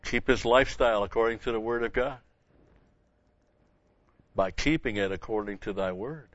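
A man's voice: lowish voice, normal speed, pauses often, fairly bright tone, no echo. An older man teaching a Bible lesson in a sermon, stressing key words and repeating phrases for emphasis. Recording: dull lo-fi sound.

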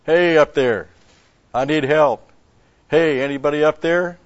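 A preacher voicing a desperate monk clinging to a cliff, shouting for help in a raised voice. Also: male voice, mid-range voice, normal speed, highs cut off, natural voice.

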